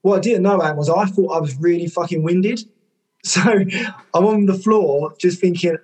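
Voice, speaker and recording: Lively man telling stories. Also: high voice, moderate pace. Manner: lively, swears freely, many "like" fillers. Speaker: podcast guest, former rugby player and coach. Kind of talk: conversational storytelling.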